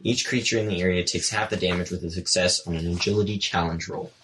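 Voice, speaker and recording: A man playing a tabletop game, excitable and reading his spell text aloud. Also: deep voice, fast, slight background noise, poor audio. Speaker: player.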